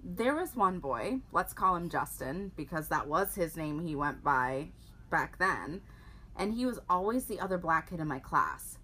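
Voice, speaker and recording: A woman from rural Pennsylvania hosts a podcast and tells stories wryly. Her voice is bright, fairly low for a woman, and moves up and down a lot. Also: measured pace, breathy edge. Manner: wry, animated storyteller with frequent laughs. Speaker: podcast co-host. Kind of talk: storytelling in casual podcast chat.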